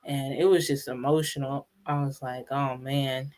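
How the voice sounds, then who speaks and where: A woman's voice: very deep voice, level tone, normal speed, a little mellow. A woman co-hosting a casual chat, retelling scenes by quoting people and laughing. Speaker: co-host.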